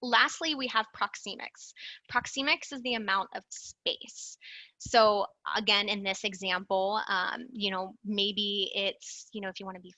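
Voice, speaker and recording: A woman in her thirties talks through a slide presentation in a loose, conversational way, leaning on fillers and stressing key words. Her voice is bright and forward. It sits close and dry, with no room around it. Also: mid-range voice, steady tone, a little slow, dry recording, rough recording. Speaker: alumni presenter.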